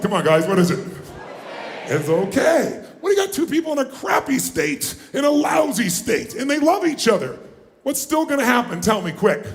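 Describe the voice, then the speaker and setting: Man hyping a crowd in a hall. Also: very high-pitched. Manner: commanding, drives the crowd with questions and shouted calls. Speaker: motivational speaker. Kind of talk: live motivational seminar talk. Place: large hall with live audience. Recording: echoey hall with faint ambience.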